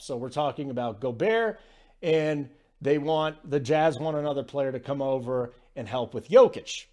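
A man's voice: fairly high pitch, moderate pace, darkish tone. A man hosting a sports betting podcast in casual conversational talk, loose, with fillers and restarts.

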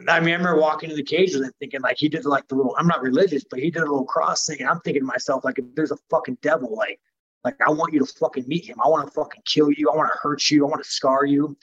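A man's voice: on the high side, fairly even intonation, fast, fairly bright tone, slightly rough, highs cut off. A man speaking as a professional fighter in a casual interview, blunt and profane, rambling with many fillers.

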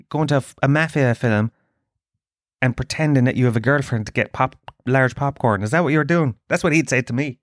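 Guy hosting his own podcast, swears a lot and rants, voice gets loud and high when he's worked up, dry close mic. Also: fairly quick, no room sound. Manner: profane, ranting, animated. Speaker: podcast host. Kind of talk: comic storytelling monologue.

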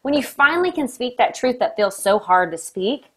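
A woman's voice: a little high, lively intonation, moderate pace, a bit bright, husky. A woman hosting an interview, talking in an earnest, encouraging, reflective way. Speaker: interview host. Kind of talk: casual interview chat.

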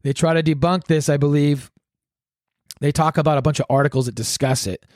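Male solo podcast host, foul-mouthed sarcastic rant, fairly high voice, dry close sound. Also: fairly even intonation, fairly quick, a little mellow, no room sound. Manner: profane, rambling, sarcastic. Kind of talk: solo ranting commentary.

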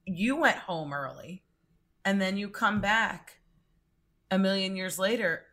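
A woman's voice: medium pitch, expressive, measured pace, a bit bright. A woman co-hosting a podcast who chats and teases her guest, swearing casually. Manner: teasing, chatty, swears casually. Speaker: podcast co-host.

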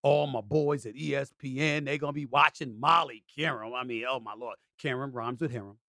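A middle-aged man hosting a sports talk show, talking emphatically and repeating himself, with sudden loud, excited outbursts. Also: medium pitch, brisk, dry recording, clean studio sound. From New York City. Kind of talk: casual monologue.

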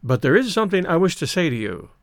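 A man's voice: on the high side, big pitch swings, fast talker, no room sound, studio quality. Man doing a frosty young woman. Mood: polite. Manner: frosty, polite. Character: proud, cool young woman.

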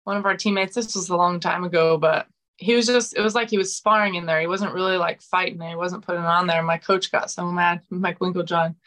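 Frank woman in her forties, bright tone. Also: fairly low pitch, fairly even intonation, quick pace. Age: 40s. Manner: frank and blunt, with fillers and restarts. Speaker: guest fighter. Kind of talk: casual interview chat.

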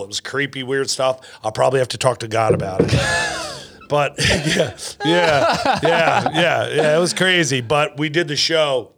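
A middle-aged man, a comedian, chatting casually on a podcast and telling war-zone show stories, acting out other people's voices. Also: mid-range voice. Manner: animated storyteller, acts out quoted voices. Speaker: comedian guest.

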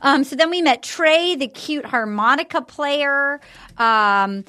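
A woman's voice: high voice, slow, pushed and bright. A woman hosting a casual podcast chat, giggly and full of fillers as she recaps episodes. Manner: chatty, giggly, lots of fillers. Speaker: podcast host.

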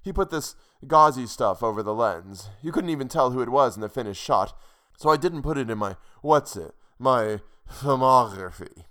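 A man's voice: medium pitch, animated, brisk, a bit bright, natural voice. A man voicing a crude, tipsy aging actress. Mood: boozy, blunt. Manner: coarse, slurring drunk chatter. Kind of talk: audiobook character voice.

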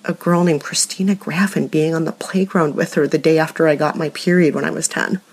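A woman's voice: deep voice, fairly even intonation, brisk, slightly rough. A woman co-hosting a podcast, talking earnestly and at length in casual chat. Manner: earnest, rambling storyteller. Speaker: podcast co-host.

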